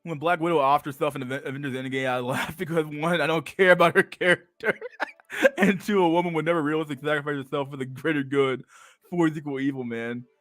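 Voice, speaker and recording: A man's voice: on the high side, fairly even intonation, fast, a bit bright, no echo, studio quality. A man streaming a casual rant and reacting to chat, cursing freely, laughing often and stumbling over repeated words. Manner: profane, stammering repetitions, frequent laughter.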